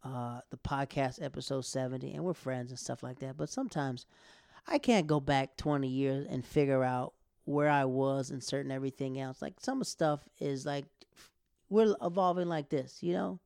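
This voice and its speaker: A young man, a stand-up comic telling stories in a casual chat, animated, laughing often and acting out what people said. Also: medium pitch, creaky, smooth, dry recording, clean studio sound. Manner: animated, quick bursts, laughs often, acts out quotes. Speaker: stand-up comic and podcast host.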